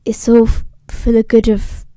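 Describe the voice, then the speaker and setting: A woman voicing the ghost of an old father, giving slow, bossy orders. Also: a little high, completely flat delivery, warm tone, dry recording, lightly acted. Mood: instructive.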